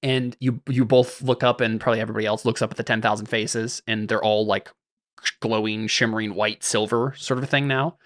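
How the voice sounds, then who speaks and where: A man's voice: fairly low pitch, steady tone, a little fast, dry recording, studio quality. A man narrating as the game master of a tabletop game, in a loose, rambling way with many fillers.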